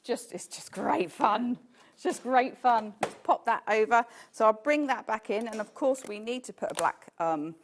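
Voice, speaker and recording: A woman's voice: fairly high pitch, animated, moderate pace, a little hiss or hum. A woman demonstrating her craft products on a live shopping show, talking casually and enthusiastically as she works. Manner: enthusiastic, casual, talks while working. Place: TV studio.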